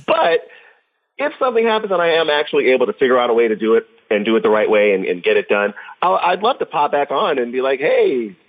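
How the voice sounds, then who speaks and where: A male podcast guest in easy conversation. He tells stories in an animated way and laughs often, and his voice rises and falls a lot. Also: a little high, rough recording. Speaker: podcast guest, professional drummer. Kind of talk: casual interview chat.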